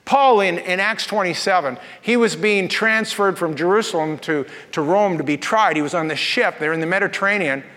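High-voiced man preaching in a reverberant hall. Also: normal speed, hardly any pauses, pushed and bright. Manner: folksy storytelling with jokes. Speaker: pastor. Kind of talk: sermon.

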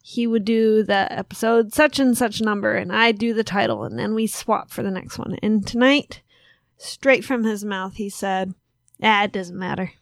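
A woman's voice: medium pitch, animated, moderate pace, creaky, no room sound, clean studio sound. A woman co-hosting a casual podcast, rambling and teasing her co-host as she corrects herself mid-sentence. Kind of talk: casual chat.

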